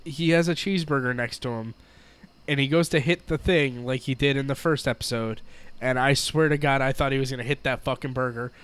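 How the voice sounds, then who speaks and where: A man's voice: mid-range voice, steady tone, brisk, fairly bright tone, clean tone. A man co-hosting a podcast, rambling and joking in casual chat, laughing often. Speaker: podcast co-host.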